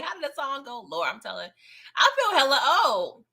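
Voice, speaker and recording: A high, bright woman's voice in a relaxed recap chat, sassy and slangy, breaking into laughter as she talks right to her audience. She keeps it loose and personal, like catching up with friends about last night's episode. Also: normal speed. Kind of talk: casual live recap chat.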